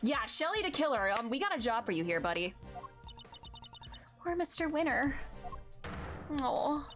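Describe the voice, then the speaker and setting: A woman's voice: sits high, expressive, normal speed, long pauses, soft background music. A woman streamer chatting casually over gameplay, emotional and exclaiming, swearing freely.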